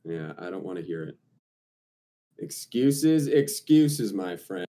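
A man's voice: deep voice, little pitch movement, brisk, a little mellow. A man co-hosting a podcast, talking loosely and teasing with plenty of swearing. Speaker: podcast co-host. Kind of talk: casual chat.

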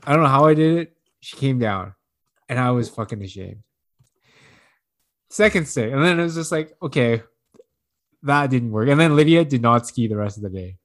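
Man, casual chat, rambling story, swears a lot, laughs often, mid-pitched voice. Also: expressive, a little fast, pauses often. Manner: acts out quotes in a higher voice.

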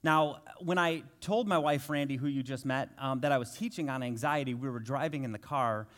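A man's voice: medium pitch, a little fast, fairly bright tone. A man in his thirties preaching a conversational sermon as a guest, telling self-deprecating jokes and family stories. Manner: joking, self-deprecating storyteller.

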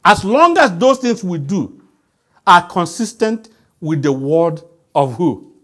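A man's voice: high-pitched, big pitch swings, slow pace, a bit bright. A man preaching a sermon, emphatic and quizzing the congregation with call-and-response questions.

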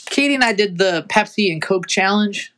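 A man's voice: sits high, animated, moderate pace, sharp tone, a little hiss or hum. A young man hosting a podcast, chatting casually, rambling with lots of fillers and swearing. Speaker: podcast host. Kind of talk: casual profane chat.

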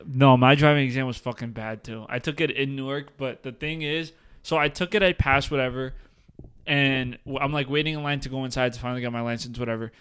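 A man's voice: medium pitch, steady tone, a little fast, fairly bright tone, smooth. A young man, co-hosting a podcast and telling stories in a frank, profane, exasperated way. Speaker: podcast co-host. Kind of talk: casual chat, storytelling.

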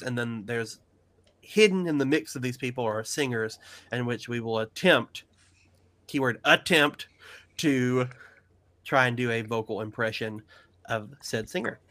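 Man, podcast co-host, casual chat, excitable, animated, bright forceful tone. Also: medium pitch. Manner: excitable and animated, breaks into laughs.

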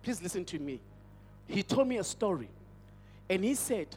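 A man's voice: high voice, big pitch swings, normal speed, pauses often, darkish tone, slightly rough. A male pastor with a South African accent, preaching a sermon as an emphatic storyteller who repeats his phrases. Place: church hall. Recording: church hall with long reverb.

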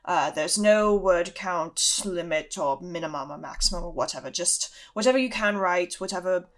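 A woman voicing a calm, gentle male teacher who speaks softly and easily in a tabletop game. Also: fairly low pitch, normal speed, voice pushed down, close to an everyday voice.

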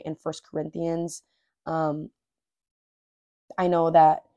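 A woman hosts a casual faith podcast in a fairly low, dark voice, recorded with studio quality and no echo. She reads Bible verses aloud, repeats them, and comments earnestly and informally, dropping words like "dude" and "like."

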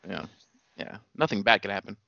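Young man, laid-back co-host, bright sharp tone, dull muffled recording. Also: on the low side, fairly quick, vocal fry, no room sound. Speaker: podcast co-host. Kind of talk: casual chat.

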